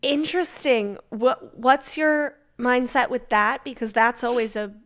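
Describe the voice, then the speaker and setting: A woman's voice: a little high, unhurried. A woman hosting a casual interview chat, reacting with short, blunt remarks. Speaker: host.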